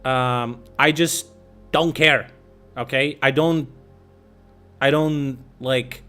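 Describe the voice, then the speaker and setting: A man's voice: mid-range voice, fairly even intonation, extremely slow, long pauses, bright, forceful tone, soft background music. A young man streaming, telling a story in casual chat with a profane, exasperated, ranting manner.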